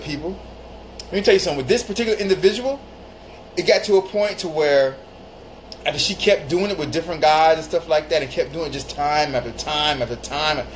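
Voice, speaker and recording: A man's voice: a little high, slight background noise, poor audio. A man hosting a casual live stream, giving blunt advice and repeating phrases for emphasis while greeting viewers by name. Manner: greets viewers mid-talk.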